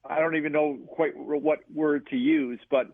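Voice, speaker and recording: A man co-hosting a radio golf show, chatting in a relaxed way, asking questions and sometimes searching for words, heard over a tinny phone line. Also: on the high side, normal speed, no echo. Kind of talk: casual radio show chat.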